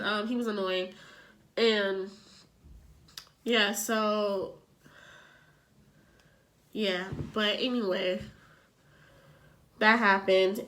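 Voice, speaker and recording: A young adult woman vlogger telling a personal story in casual chat, animated and filling her talk with "like". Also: medium pitch. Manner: chatty, animated, fills with "like".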